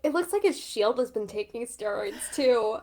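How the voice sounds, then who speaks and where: A woman's voice: fairly high pitch, expressive, normal speed, noisy background. A young woman co-streaming a game, chatting casually and laughing often.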